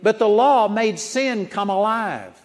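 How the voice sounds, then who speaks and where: A man's voice: sits high, expressive, slow pace. A man preaching a sermon in a folksy storytelling way, chuckling at his own anecdotes. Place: large auditorium. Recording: long auditorium reverb.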